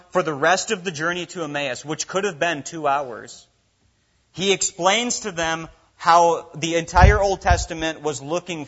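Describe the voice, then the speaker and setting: A man's voice: a little high, fairly bright tone, highs cut off. A man preaching a sermon in a conversational way, with many casual fillers.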